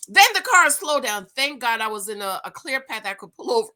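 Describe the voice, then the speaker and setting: A middle-aged woman hosting her own channel, talking to viewers in an animated, storytelling way. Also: brisk. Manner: animated storyteller, big swings in pitch and loudness. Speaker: channel host. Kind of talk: casual vlog monologue.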